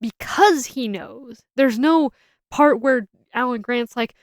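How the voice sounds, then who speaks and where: A woman's voice: a little high, takes it slowly, dry recording, studio quality. A young adult woman giving a casual, opinionated film review, rambling and often restarting her sentences.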